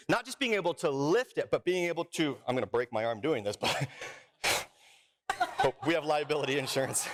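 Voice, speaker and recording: A man with a fairly high voice preaches in a church sanctuary. He jokes, restarts his sentences, and pulls the congregation into the story with energetic crowd work. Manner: playful, jokey, lots of restarts and asides. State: out of breath. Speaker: pastor. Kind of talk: sermon.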